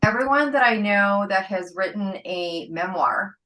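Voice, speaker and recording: A woman's voice: medium pitch, expressive, measured pace, bright, forceful tone, far from the mic, poor audio. A woman hosting a podcast interview, speaking reflectively and often checking agreement with "right?". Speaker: podcast host. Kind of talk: casual interview chat.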